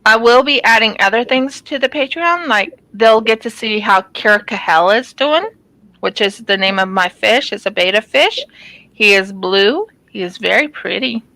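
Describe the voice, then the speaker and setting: Brief: chatty woman craft vlogger, rambling and casual, bright tone, dry close sound. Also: fairly high pitch, animated, moderate pace, no room sound, low-quality recording. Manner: rambling, chatty, many ums and restarts. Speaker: craft channel host. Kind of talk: casual chat while diamond painting.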